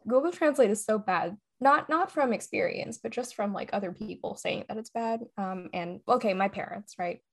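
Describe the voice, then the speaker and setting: A woman's voice: medium pitch, moderate pace, gravelly, hardly any pauses. A young woman co-hosting a podcast, chatting casually with lots of giggling and comic swearing. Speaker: podcast co-host. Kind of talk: casual chat.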